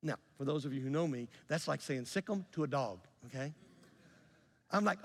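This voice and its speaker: A middle-aged man preaching a sermon as pastor, telling a story, acting out the dialogue and swinging from loud to soft. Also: on the high side, animated, fairly quick, big-room sound. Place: church sanctuary.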